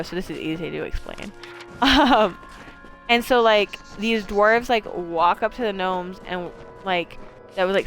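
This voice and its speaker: A woman gives loose, chatty gameplay commentary as a streamer, wandering from one thought to the next. She swears freely and leans on plenty of fillers, with a voice of ordinary, middling pitch for a woman. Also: fairly bright tone. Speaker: game streamer.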